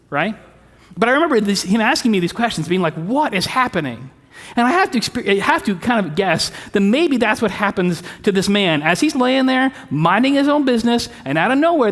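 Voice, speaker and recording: A man preaching a sermon as pastor, in a conversational way with rhetorical questions, recorded in a church sanctuary. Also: high-pitched. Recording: long reverb of a sanctuary.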